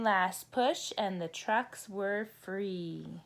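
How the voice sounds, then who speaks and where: A woman, a teacher, reading a children's bedtime picture book aloud in a gentle sing-song way. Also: medium pitch, slow. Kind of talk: children's storybook read-aloud.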